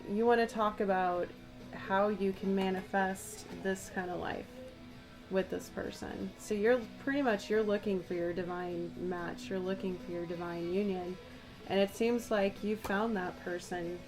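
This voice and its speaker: This female tarot reader channels a reading at a measured pace, her medium-pitched voice fairly even in intonation. She muses aloud and speaks straight to the listener, sounding a little worn, with background music playing.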